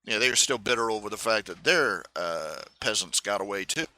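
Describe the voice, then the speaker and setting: Bright-voiced man rambling with fillers. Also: fairly low pitch, animated. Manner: halting, many fillers and restarts, mocking put-on accents in quotes. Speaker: live stream host. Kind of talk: rambling casual monologue.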